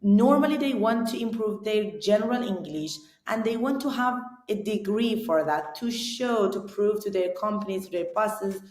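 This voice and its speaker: A woman's voice: medium pitch, normal speed, hardly any pauses, darkish tone. A woman with a Persian accent who teaches English, answering interview questions earnestly and restarting words as she searches for them. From Iran. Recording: roomy echo.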